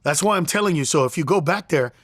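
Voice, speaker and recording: Middle-aged comic guy, high voice, super animated storytelling, cusses a lot, dry close mic. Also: fast, breathy edge, no room sound. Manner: profane, excitable, acts out quoted voices. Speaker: comedian guest.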